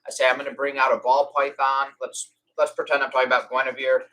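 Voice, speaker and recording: A young man hosting a casual live-stream Q&A, chatty, acting out conversations in lively quoted voices. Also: medium pitch, fast, low-quality recording. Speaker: reptile rescue host.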